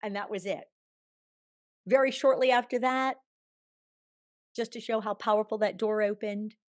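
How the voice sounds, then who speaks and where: A woman in her sixties, a podcast guest telling a personal story in an animated way, acting out quoted dialogue and laughing often. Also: mid-range voice. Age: 60s. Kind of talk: storytelling in a conversational interview.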